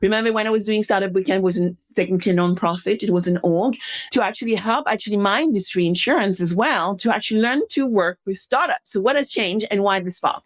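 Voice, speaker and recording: A woman's voice: mid-range voice, quick pace. A woman hosting a podcast interview, introducing her guest and asking questions with emphatic energy. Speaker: podcast host.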